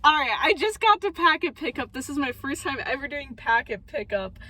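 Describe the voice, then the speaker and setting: Young woman, casual vlogger, slightly high, joking and self-mocking, faint noise behind. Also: big pitch swings, brisk, sharp tone. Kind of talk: casual vlog chat.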